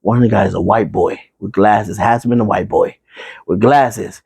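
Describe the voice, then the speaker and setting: A man's voice: fairly low pitch, fairly even intonation, gravelly, a little mellow, slightly rough, no echo. Rambling man recapping a horror movie. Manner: rambling, many fillers and asides; acts out characters in quick put-on voices.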